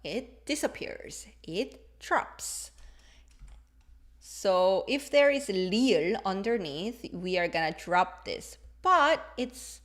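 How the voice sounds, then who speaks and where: A woman teaching a live-streamed lesson, her pitch bouncing up and down as she explains. She talks in a playful, expressive way and exaggerates her examples to make each point land. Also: slow pace. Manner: demonstrates intonation with exaggerated examples. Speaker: language teacher.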